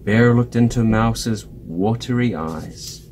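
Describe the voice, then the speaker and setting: A man reading a children's picture book aloud, slow and expressive, giving each character a voice. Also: on the low side, a little hiss or hum. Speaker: storybook reader.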